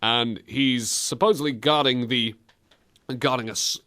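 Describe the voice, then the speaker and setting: A man's voice: medium pitch, a little slow, sharp tone. A man hosting a casual comedy chat about games, joking and putting on silly voices. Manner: jokey, puts on silly voices and accents. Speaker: podcast host.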